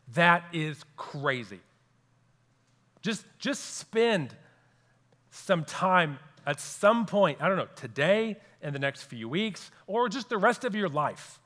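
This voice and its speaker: High-voiced pastor preaching in a reverberant hall. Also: male voice, sing-song, slow, sharp tone. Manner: earnest, repeats key phrases for emphasis. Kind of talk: sermon.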